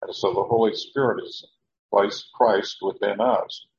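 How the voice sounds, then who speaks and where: A man's voice: lowish voice, fairly even intonation, a little slow, a little mellow. A man teaching a verse-by-verse Bible sermon in a plain explaining tone, often restarting his sentences as he works through Greek words. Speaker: preacher. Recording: dull, lo-fi, echoey room.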